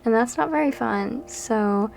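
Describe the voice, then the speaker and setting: A nineteen-year-old Canadian woman with a somewhat high, gravelly, darkish voice speaks a little slowly, with slight background noise and background music. A Sims builder and YouTuber, she narrates a speed build at home during a storm, rambling and chatty with frequent fillers, sounding tired and a bit out of breath.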